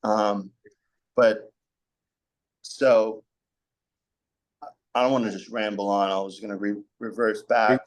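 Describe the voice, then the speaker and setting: A man's voice: lowish voice, steady tone, takes it slowly, long pauses. A young man as a podcast guest, talking frankly in a rambling conversational way, with many fillers. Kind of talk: candid conversational storytelling.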